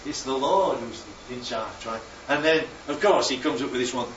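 A man preaching a sermon, lively and constantly checking in with his listeners by asking "right?" and "yeah?". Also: mid-range voice, moderate pace, slight background noise. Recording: echoey, distant, dull sound with faint ambience.

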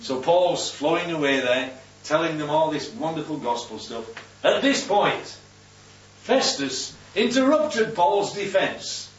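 Preacher, man, animated and fairly high, roomy, dull recording with a faint hum. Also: unhurried, recorded from a distance. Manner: conversational, keeps asking "yeah?". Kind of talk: Bible teaching sermon.

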